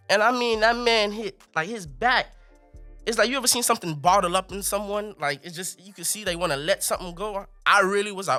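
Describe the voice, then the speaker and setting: Animated, high-voiced young man telling a story. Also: a little fast, soft background music. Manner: animated, laughing, colorful slang. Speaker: podcast guest. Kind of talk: comic storytelling.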